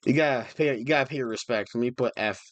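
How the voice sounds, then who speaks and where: A man's voice: mid-range voice, fast talker, muffled recording, noisy background. A young man chatting on a livestream, emotional and rambling, restarting his sentences often. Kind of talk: casual livestream chat.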